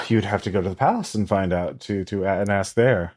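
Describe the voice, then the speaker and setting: Man as a quiet, obliging craftsman in a tabletop game, near his own voice. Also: low voice, fairly quick, pitched below the performer's own voice. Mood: evasive. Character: calm male builder serving a king.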